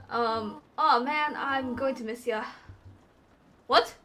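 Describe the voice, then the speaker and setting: A woman chatting through a game, easily spooked and reading on-screen text aloud in halting bursts. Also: a little high, sharp tone, a little hiss or hum. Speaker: gamer playing a courtroom game. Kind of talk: gameplay commentary. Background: game music.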